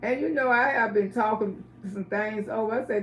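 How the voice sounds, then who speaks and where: A woman's voice: on the high side, normal speed, reverberant. Middle-aged woman, livestream storyteller, blunt and chatty, faint background hiss. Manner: blunt, chatty, asks the audience questions. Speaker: livestream host.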